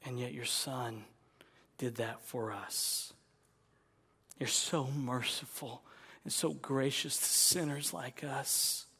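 Slow-paced preacher in a reverberant hall. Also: male voice, medium pitch, steady tone, vocal fry, breathy edge. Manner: swells to loud pleading, then drops to a whisper. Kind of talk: sermon.

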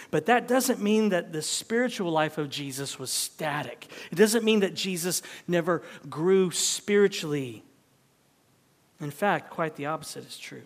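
Pastor, male, higher voice, lively sermon delivery with sudden whispered asides; long hall reverb. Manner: animated preaching, dropping to a hushed whisper for emphasis.

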